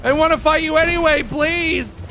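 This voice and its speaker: A man streaming a video game, chatting through his play and bursting into panicked yelps and shouts. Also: very high voice, fairly even intonation, a little fast, soft background music. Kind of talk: live gameplay commentary.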